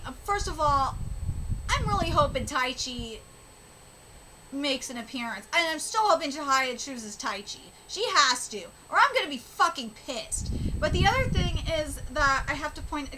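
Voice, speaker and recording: A woman's voice: sits high, expressive, moderate pace, background noise. A woman hosting a casual live manga reaction, emotional and rambling, often swearing.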